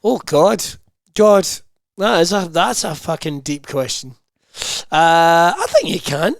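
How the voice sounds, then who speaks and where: A man's voice: fairly high pitch, sing-song, vocal fry, dry recording, clean studio sound. A man co-hosting a podcast, chatting casually with lots of laughs and swearing. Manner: laughing, swearing, quick banter. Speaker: podcast co-host. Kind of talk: casual chat.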